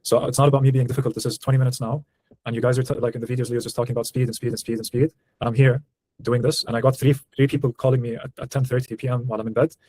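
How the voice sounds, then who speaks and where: A man's voice: medium pitch, little pitch movement, rapid-fire, warm tone, no echo. A man in his twenties on a call as a prospective client, blunt, frustrated and confrontational. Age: 20s. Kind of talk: tense call conversation.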